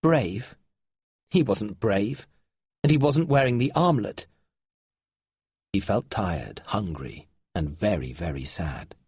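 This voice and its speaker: A man narrating a story slowly and deliberately, with a lively, expressive pitch. His voice is husky and breathy, recorded very dry and close. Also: no echo. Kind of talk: slow story reading for English learners.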